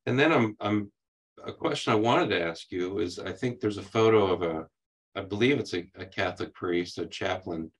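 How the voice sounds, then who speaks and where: A man's voice: sits low, moderate pace. A man interviewing a veteran, asking questions in a hesitant, searching way with many restarts.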